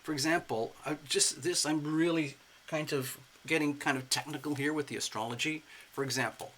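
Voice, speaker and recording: A man giving a casual spoken tarot reading in an expressive, playful way, slipping into acted asides. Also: medium pitch, slight background noise. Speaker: tarot reader.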